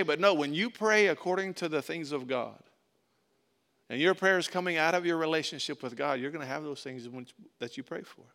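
Animated preaching man, bursts then hush. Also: on the high side. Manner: conversational preaching, rising to emphatic bursts then dropping soft. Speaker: pastor. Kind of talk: sermon.

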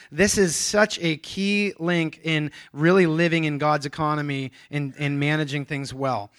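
A man's voice: a little high, a bit bright. A man preaching a sermon in a casual, conversational way, with frequent restarts and self-deprecating asides. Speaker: pastor.

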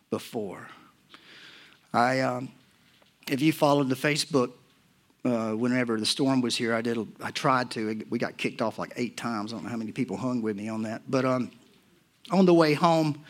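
A pastor in his forties or older preaches a sermon in a mid-range voice, telling personal stories along the way. His delivery swings between hushed and loud moments.

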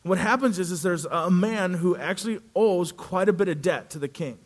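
A male pastor preaching a sermon, telling a story with animated delivery and acting out the characters' voices. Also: high voice, a little fast.

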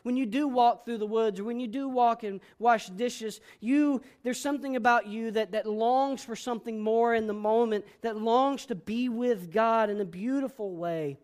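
A man preaching a sermon as pastor, boisterous and emphatic, swinging between loud declarations and hushed, soft passages. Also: very high-pitched, normal speed, hardly any pauses.

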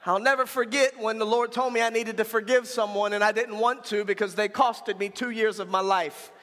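A man preaching a sermon as pastor, talking frankly and colloquially and building to shouts. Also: sits high, steady tone, a little fast, long reverb tail.

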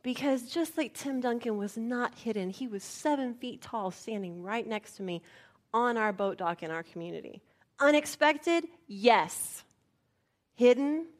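A woman pastor giving a sermon, telling a personal story in an animated, playful way. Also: on the high side, a little slow.

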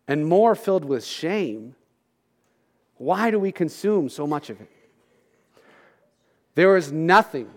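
A man preaching a casual, conversational sermon as pastor, with joking asides and quick bits of acted-out crowd talk. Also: high voice, a little mellow. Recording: long hall reverb.

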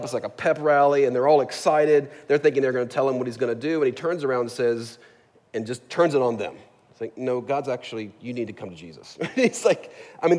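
A man's voice: medium pitch, darkish tone. Conversational male pastor in a reverberant church. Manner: conversational, jokey, asks the congregation "right?". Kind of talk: sermon. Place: church sanctuary. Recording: long hall reverb.

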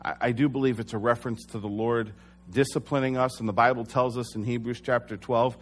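A middle-aged man preaching in a church, telling a personal story with animated delivery and self-deprecating humor. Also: mid-range voice, fairly quick, slight background noise. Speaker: pastor.

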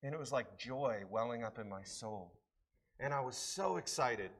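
A man preaching a sermon with personal testimony at a church service, impassioned and swinging from hushed lines to emphatic ones, with repeated rhetorical questions. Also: medium pitch, expressive, normal speed. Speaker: pastor.

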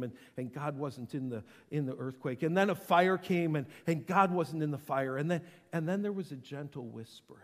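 A man preaching a sermon, impassioned, moving between hushed tones and loud emphasis. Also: a little high. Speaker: pastor. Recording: echoing hall with long reverb.

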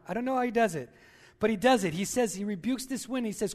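High-voiced male pastor preaching. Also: quick pace. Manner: repeats key lines for emphasis, addresses listeners directly. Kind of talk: sermon.

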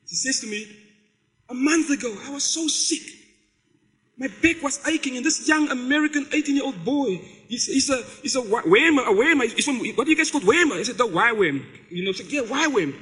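A man's voice: very high voice, animated, brisk, pushed and bright, in a large hall, low-quality recording. A man, a pastor, giving a conversational sermon and telling stories with quoted dialogue.

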